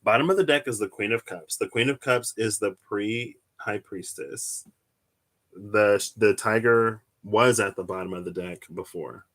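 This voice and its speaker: A young man chatting casually on a live stream while reading tarot cards, rambling through stories and jumping into high, laughing outbursts. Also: a little slow. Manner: rambling storyteller, animated, bursts into high-pitched squeals and laughter.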